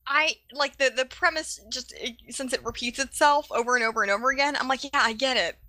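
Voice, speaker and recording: A woman's voice: high voice, a little fast, pushed and bright. A woman co-hosting a podcast in casual chat, joking wryly and laughing often. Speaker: podcast co-host. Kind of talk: casual chat recapping a cartoon.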